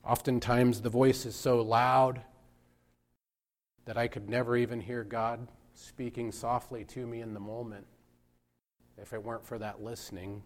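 A man giving a reflective sermon, speaking in a measured way and pausing for emphasis. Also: mid-range voice, little pitch movement. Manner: slow, measured, with pauses for emphasis. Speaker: preacher.

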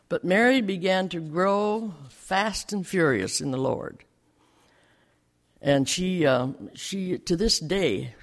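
Gravelly older man telling a church testimony. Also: fairly high pitch. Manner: animated storytelling, acting out quoted dialogue. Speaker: lay speaker giving a testimony in church. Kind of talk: storytelling testimony to a congregation.

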